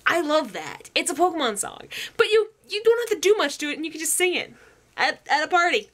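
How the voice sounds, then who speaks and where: A young woman chatting casually as a reviewer, giggly and animated. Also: sits high, brisk. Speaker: music reviewer.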